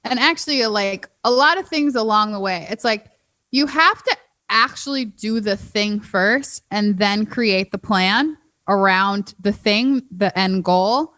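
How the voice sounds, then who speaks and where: A woman from Minnesota, a dating coach talking as a podcast guest, animated and explaining with examples and quick acted-out quotes. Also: medium pitch, dry recording. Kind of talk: casual podcast chat.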